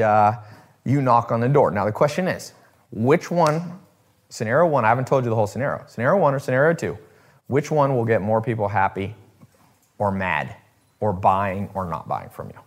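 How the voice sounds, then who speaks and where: Man, show host, casual rambling talk, restarts, swears, mid-pitched voice. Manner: rambling with restarts and swearing, acts out quoted people.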